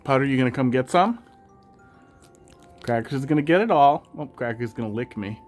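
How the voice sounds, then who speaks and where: A man's voice: medium pitch, expressive, fairly quick. Chatty streamer man with a Wisconsin accent. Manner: chatty, talks to his cats in a sing-song voice. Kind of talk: casual chat with viewers. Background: faint music.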